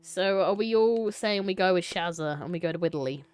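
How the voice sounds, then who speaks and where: A woman's voice: fairly low pitch, fairly quick, a little mellow, clean tone, no room sound, faint music behind. A young adult woman live-streaming a choice game, reading it aloud and chatting playfully with viewers, laughing and swearing casually.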